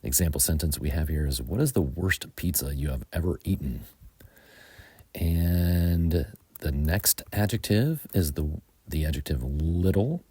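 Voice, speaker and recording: A man with an American accent teaching English grammar, explaining slowly and methodically with frequent ums. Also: extremely low pitch, lively intonation, mellow, slightly rough, dry recording.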